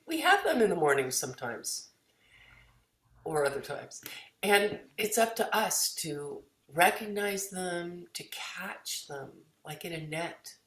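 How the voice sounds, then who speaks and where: A woman minister telling an everyday parable as spoken teaching, animated and storytelling. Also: deep voice. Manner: storytelling, gently animated, quotes voices. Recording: echoey room.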